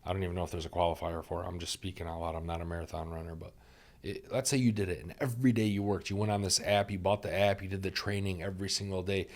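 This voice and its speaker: A doctor guesting on a podcast talks at a quick pace in a low, slightly mellow voice with fairly even intonation. His reflective storytelling is earnest, full of life advice, and he repeats key phrases for emphasis.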